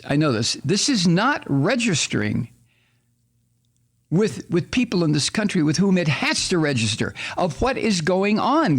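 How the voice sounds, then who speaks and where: A man's voice: high-pitched, gravelly. A man hosting a political talk radio show, ranting angrily with lots of profanity and exasperated, sarcastic asides. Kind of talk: political commentary monologue.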